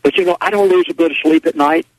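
A man's voice: a little high, quick pace, darkish tone, dry recording, poor audio. Man, radio guest, folksy rambling storyteller, dry close sound. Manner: folksy, rambling, acts out quoted voices. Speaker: radio talk show guest. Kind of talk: casual radio interview storytelling.

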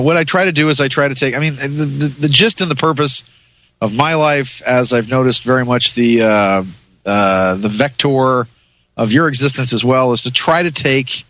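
A man's voice: medium pitch, fairly bright tone, no echo, rough recording. A man as a talk show guest, rambling with many restarts in a chummy way. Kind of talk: casual interview chat.

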